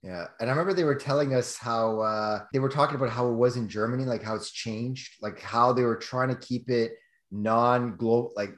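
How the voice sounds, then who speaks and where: A man co-hosting a podcast, chatting casually and telling lively stories with frequent laughter. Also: mid-range voice, fairly quick, echoey room. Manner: animated storyteller, laughs often. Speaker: podcast co-host. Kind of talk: casual chat.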